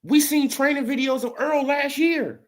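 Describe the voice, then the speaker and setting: A man hosts a casual boxing commentary stream, talking in a loose, repetitive way and tacking a rhetorical "right?" onto his points. His voice is very high, at normal speed.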